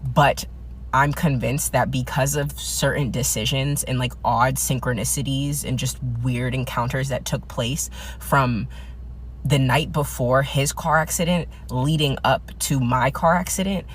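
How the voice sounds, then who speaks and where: A man telling his own story in a casual vlog, fast-talking and intense. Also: mid-range voice, fairly even intonation, a little hiss or hum. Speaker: video creator.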